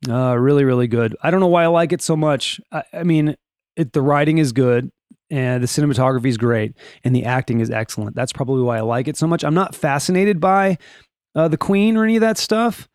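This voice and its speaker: A man's voice: mid-range voice, a little fast, a little mellow, clear, resonant tone, no echo, clean studio sound. A man hosting a casual daily podcast from a room at home, reading items and rambling through wry asides while stumbling over names. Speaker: podcast host.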